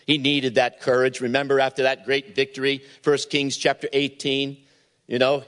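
A man preaching a sermon as pastor, retelling a Bible story and acting out the voices in it. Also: a little high.

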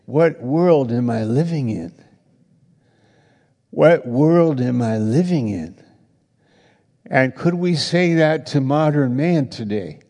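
A man preaching a sermon to a congregation, speaking slowly and haltingly, with frequent restarts. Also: mid-range voice, a little mellow. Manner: slow, halting delivery with many restarts. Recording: long reverb of a hall.

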